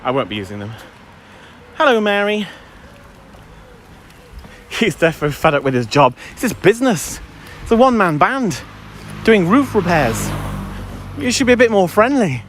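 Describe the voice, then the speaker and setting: A man's voice: high-pitched, very animated, normal speed, fairly bright tone, slight background noise. A middle-aged man from England, chatting and telling stories as he walks his dog outdoors, wry and mimicking voices. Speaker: vlogger. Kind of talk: casual chatty live-stream ranting.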